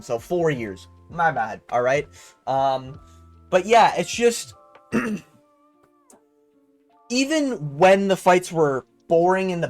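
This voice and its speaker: A young man ranting in casual commentary, profane and fired-up, with a steady stream of fillers and asides. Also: a little high. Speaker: commentary vlogger. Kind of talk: casual rant.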